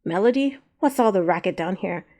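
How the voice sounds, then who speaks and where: A woman voicing a gruff, bossy old male terrier dog who owns a shop, in a read-aloud story. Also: mid-range voice, lively intonation, brisk, warm tone.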